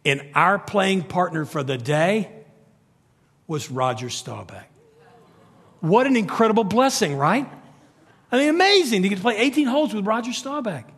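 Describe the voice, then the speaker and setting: Man, pastor, sermon, animated storyteller, husky voice, reverberant church hall. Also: sits high, moderate pace, pauses often. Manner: animated storytelling, rising to near-shouts. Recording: long reverb of a large hall.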